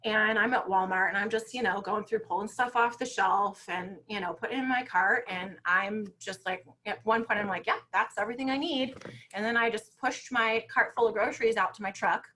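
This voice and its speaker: A woman speaking as a guest on parenting, telling stories in a lively, conversational way and often checking in with "right?" over a video call. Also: medium pitch, brisk, few pauses, slight background noise. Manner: lively storytelling, frequent "you know" and "right?". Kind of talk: conversational talk.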